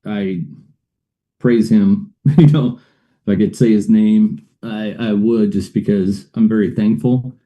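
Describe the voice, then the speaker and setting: A man's voice: fairly low pitch, fairly even intonation, slow, lo-fi sound. A middle-aged man, a guest on a show, telling a personal story in a rambling way, with many fillers and uneasy laughs.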